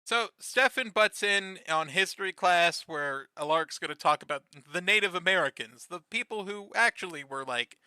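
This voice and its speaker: A man with a very bright, slightly high voice talks casually through a TV episode recap. He laughs often, swears freely and jumps into quick acted-out lines. The mic is close and dry. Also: lively intonation, clear, resonant tone, dry recording. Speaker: podcast co-host.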